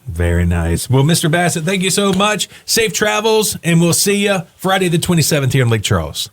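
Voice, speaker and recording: A man's voice: a little high, very animated, fairly quick, a little hiss or hum. Chatty morning radio host man. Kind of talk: radio interview. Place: radio studio.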